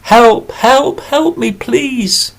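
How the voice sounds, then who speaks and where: A man voicing a small trapped bee that cries out for help in a high, pleading voice in a told story. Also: extremely slow, vocal fry, exaggerated voice. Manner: high crying calls.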